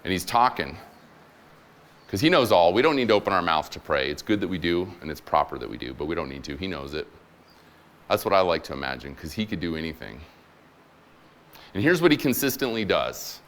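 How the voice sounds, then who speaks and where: Very deep-voiced man preaching a sermon. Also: very animated, a little fast, pauses often, fairly bright tone. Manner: conversational and humorous, acting out voices in stories. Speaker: guest preacher, military chaplain. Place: church room with congregation.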